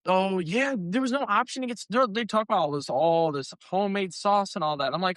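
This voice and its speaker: A young man on a podcast tells stories with animated, teasing energy. His voice sits a bit high for a man. The sound is close and dry. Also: brisk, few pauses, no room sound. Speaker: podcast co-host. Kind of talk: casual chat.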